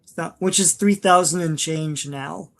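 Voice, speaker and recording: A man's voice: on the high side, a little slow, gravelly, crowd noise. A man co-hosting a casual comic book show, sharing trivia with many fillers and laughs. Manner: knowledgeable, hesitant fillers, laughs often. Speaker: podcast co-host.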